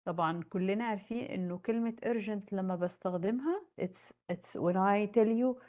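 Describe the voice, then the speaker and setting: A woman teaching English, slowly repeating key words and switching into Arabic to explain them. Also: medium pitch. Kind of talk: recorded lecture. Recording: dull lo-fi lecture recording.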